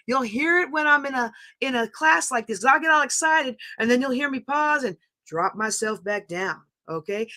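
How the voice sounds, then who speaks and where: Lady teaching live, high bright voice, gets all excited and screechy. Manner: chatty, excitable, talks straight to viewers. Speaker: podcast host teaching a live class.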